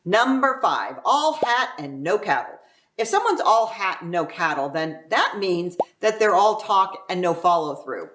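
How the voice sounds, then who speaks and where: A woman's voice: fairly low pitch, very animated, measured pace, echoey room, background noise. A woman from Southern California explaining local slang phrases in a playful manner, drawing out words for emphasis. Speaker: real estate agent teaching local slang. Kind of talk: casual explainer to camera.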